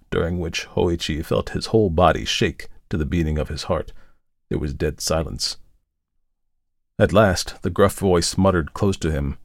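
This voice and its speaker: A hoarse man hosting a podcast and narrating a folk tale in a measured, solemn way. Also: deep voice, a little mellow, no room sound, clean studio sound. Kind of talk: scripted story narration.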